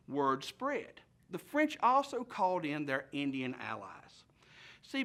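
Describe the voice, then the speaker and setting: A man presenting a casual history lesson, telling it as a conversational, animated story. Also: on the high side.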